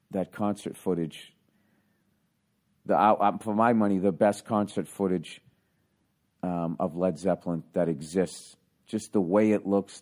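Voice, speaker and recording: A man and stand-up comedian telling a story in casual chat, profane and animated. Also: lowish voice. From United States.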